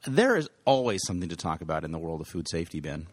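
A man's voice: sits low, very animated, racing, no room sound. A man co-hosting a podcast, chatting casually with sardonic, teasing wit. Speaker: podcast co-host. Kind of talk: casual chat.

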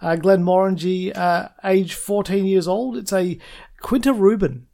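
A man co-hosting a casual chat, jokey and quick to laugh. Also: high-pitched, flat delivery, creaky, mellow.

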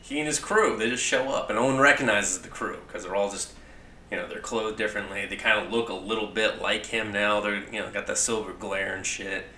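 A young man chatting casually and profanely, full of "like", acting out quoted lines as he pitches a story. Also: steady tone, brisk, sharp tone, slight background noise. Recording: echoey room.

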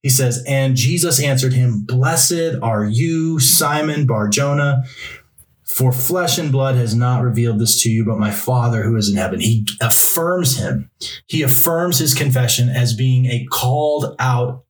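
A man's voice: medium pitch, unhurried. Man preaching in an echoey church. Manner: preaching with emphatic repetition and Bible reading. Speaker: pastor. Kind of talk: sermon. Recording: roomy echo, mic from a distance.

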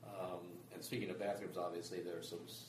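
An older man who worked on the space shuttle software, telling a story in casual chat and laughing along the way. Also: low voice, quick pace, far from the mic. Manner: animated, laughs while telling stories. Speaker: former space software engineer, guest. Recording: echoey room with background noise.

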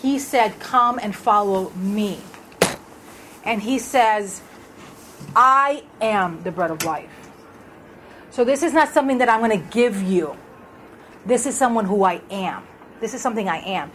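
On a rough recording with a little hiss or hum, a woman of medium pitch leads a Bible study at a moderate pace. She teaches conversationally, stopping to ask the group questions as she reads verses.

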